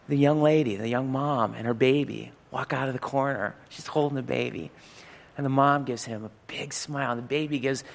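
A male pastor tells a story during a sermon, with a gravelly edge running through his voice. He acts out the quoted lines with animation, and his words ring out with a long reverb from a large hall. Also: medium pitch.

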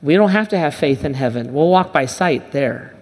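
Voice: medium pitch, expressive, normal speed, darkish tone. A pastor giving a conversational sermon, restarting and repeating phrases and acting out the Bible dialogue. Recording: long reverb of a large hall.

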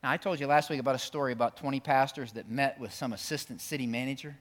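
A man preaching a sermon in a church, swinging between loud, emphatic peaks and quiet, intense stretches. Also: mid-range voice, fairly even intonation, fast. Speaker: pastor.

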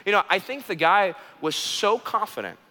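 A man preaching a sermon in an animated, joking way, repeating key phrases and restarting sentences. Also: high voice, moderate pace, in a large hall. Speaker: pastor.

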